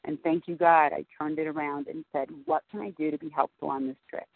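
A woman speaks earnestly over a thin, tinny phone line, her voice gravelly with fry. She shares her reflections at a recovery meeting, circling back with ums and repeated phrases. The room around her sounds dry and close. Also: low voice, fairly quick, no echo. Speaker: meeting member sharing. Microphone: phone call.

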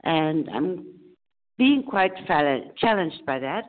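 A woman calling from Germany who shares a personal testimony in a meeting, halting and repeating phrases as she searches for words. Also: sits low, sing-song, slight background noise. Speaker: meeting attendee sharing. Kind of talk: personal testimony on a phone call. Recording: tinny phone line.

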